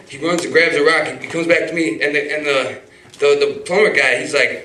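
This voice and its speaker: A man's voice: mid-range voice, a little fast, pushed and bright. A man telling a personal story live on stage, rambling, with restarts, fillers and swearing. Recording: roomy hall, mic far off.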